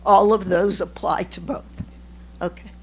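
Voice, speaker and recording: Slow, earnest woman at a town hall. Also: mid-range voice, steady tone, darkish tone, slightly rough. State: losing her voice. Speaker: board member. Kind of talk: statement at a town hall meeting.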